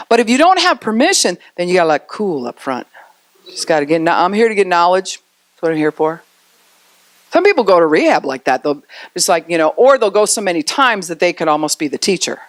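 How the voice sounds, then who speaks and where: A woman pastor preaches in a chatty, conversational way, slipping into little acted-out voices for the people she describes. Her voice sits on the lower side and swoops with plenty of animation. The sound is dry and close, with no room around it. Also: big pitch swings, normal speed, no room sound. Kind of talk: sermon.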